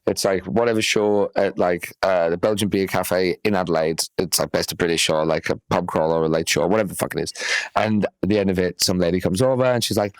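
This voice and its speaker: A man's voice: deep voice, fairly even intonation, fast talker, no echo, poor audio. A young man, telling a rambling comedy story full of fillers and swearing on a podcast. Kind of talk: casual storytelling.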